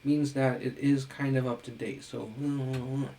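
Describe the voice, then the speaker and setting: A middle-aged man gives a recorded lecture in a relaxed, conversational way, with a gravelly edge to his voice. He sits at a middle pitch for a man and keeps asking his listeners rhetorical questions. He punctuates his points with a quick "right?". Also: a little hiss or hum, poor audio. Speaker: education lecturer.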